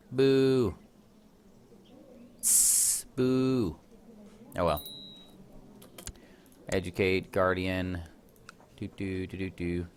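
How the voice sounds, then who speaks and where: Let's play host, male, low voice, casual and self-deprecating, faint background noise. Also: a bit bright. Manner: chatty, self-deprecating, laughs at himself. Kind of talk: casual gameplay commentary.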